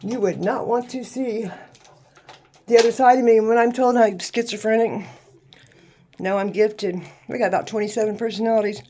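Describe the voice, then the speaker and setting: A woman's voice: fairly high pitch, moderate pace, slight background noise. A woman, telling her life story in an emphatic, faith-filled monologue. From Louisiana, USA. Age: 60s. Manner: lively, emphatic testimony with faith talk. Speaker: vlogger.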